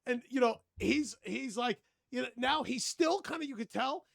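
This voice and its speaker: High, gravelly-voiced man on a podcast. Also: expressive, normal speed, a bit bright, no room sound, studio quality. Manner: jokey storytelling with friends. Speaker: podcast co-host. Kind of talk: casual chat.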